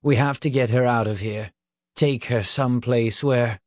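A man voicing a scornful old witch who sneers and scolds in a low, hushed voice, as part of a slowly read storybook. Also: fairly even intonation, no echo, clean studio sound, close to an everyday voice.

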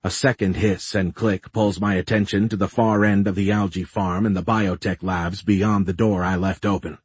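A man giving measured, tense first-person audiobook narration. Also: sits low, little pitch movement, slightly rough, no echo.

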